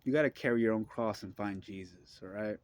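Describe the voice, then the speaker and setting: A man's voice: fairly low pitch, a little fast, no room sound. Blunt, profane man preaching to camera. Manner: asks listeners for agreement. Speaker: vlogger. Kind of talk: impassioned religious monologue.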